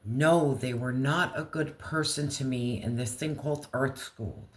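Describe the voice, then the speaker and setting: A tarot reader giving a casual reading, talking straight to the viewer in blunt slang and swearing freely. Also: mid-range voice. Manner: speaks slowly, talks straight to viewer.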